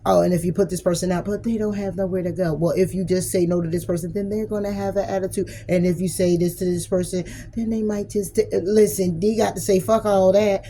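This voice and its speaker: A woman's voice: on the low side, little pitch movement, fast talker, few pauses, warm tone, slight background noise, poor audio. A woman giving a casual, blunt tarot reading who swears freely and acts out imagined arguments. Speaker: tarot reader.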